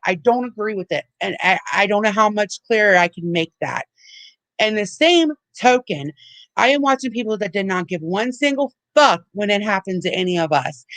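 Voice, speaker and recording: A woman's voice: mid-range voice, dry recording, poor audio. A woman hosting a livestream, ranting heatedly with lots of swearing and repeated restarts. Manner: heated, profane, repeats herself. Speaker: livestream host. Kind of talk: angry livestream rant.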